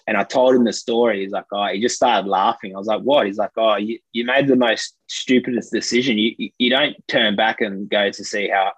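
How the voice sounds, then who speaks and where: A man's voice: fairly low pitch, fairly even intonation, fairly quick, hardly any pauses, fairly bright tone, slightly rough, no room sound, rough recording. A young Australian man telling a rambling anecdote in casual chat, full of fillers. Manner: rambling, filler-heavy, laughs between lines. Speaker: storyteller.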